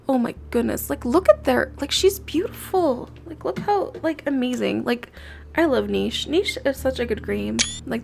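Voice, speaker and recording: A woman hosting a casual let's-play, gushing and easily excited as she talks through the game with lots of fillers. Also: a little high, gravelly. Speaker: gaming channel host.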